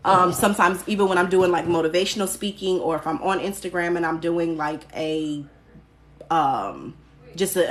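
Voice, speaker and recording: A woman's voice: lowish voice, fairly bright tone. A woman hosting a casual live stream from her phone, chatting candidly, answering viewer comments and swearing now and then.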